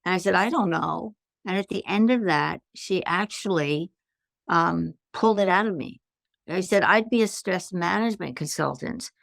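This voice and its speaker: An older woman, a guest on a podcast interview, telling her life story in lively anecdotes and acting out the lines of the people in them. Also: on the low side, moderate pace, vocal fry, no room sound, clean studio sound. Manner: animated anecdotes with acted-out quotes. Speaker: guest, stress management consultant.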